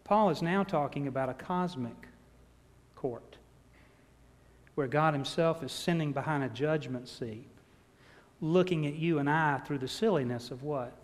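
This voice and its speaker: A pastor in his sixties, preaching in a church with a slightly high-pitched voice. He tells stories in an animated, self-deprecating way. A long hall reverb trails each phrase. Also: unhurried. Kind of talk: sermon with personal storytelling. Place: church sanctuary.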